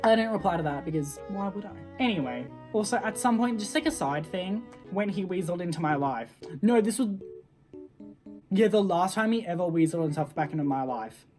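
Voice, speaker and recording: A woman's voice: on the low side, expressive, brisk, darkish tone. Chatty teen girl ranting, guitar behind. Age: teens. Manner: chatty, filler-heavy, acts out quotes. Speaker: vlogger. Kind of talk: casual storytelling rant. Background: guitar music.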